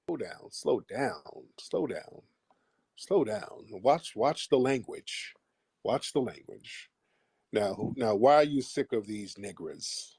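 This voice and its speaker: Low, husky-voiced male call-in host. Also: expressive, slow, a little mellow, no echo, studio quality. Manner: mocking, insulting callers bluntly. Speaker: host of a live call-in stream. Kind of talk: combative call-in show talk.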